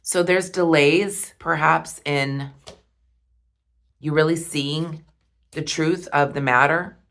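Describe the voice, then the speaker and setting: Low-voiced woman giving a tarot reading. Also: fairly even intonation. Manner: slow, soft and heartfelt, with pauses. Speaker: tarot reader.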